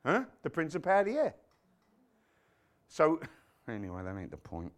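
A man's voice: on the high side, wildly swooping pitch, moderate pace. A man preaching a sermon to his congregation, quoting scripture, dropping muttered asides and joking with the people in front of him. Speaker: pastor.

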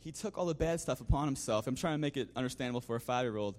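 A man speaks to his congregation at a mid pitch in an easygoing, conversational testimony. He keeps stopping on "you know" and starting again, and lets out a small chuckle now and then. Soft music sits faintly behind him. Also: rapid-fire. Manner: conversational, full of "you know" fillers and restarts. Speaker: church member giving a mission-trip testimony.

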